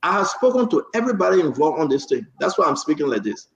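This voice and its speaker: A man's voice: on the high side, big pitch swings, quick pace, echoey room. A man hosting a heated political talk show, impassioned, cutting in and repeating himself for emphasis. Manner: impassioned, talks over others, repeats for emphasis.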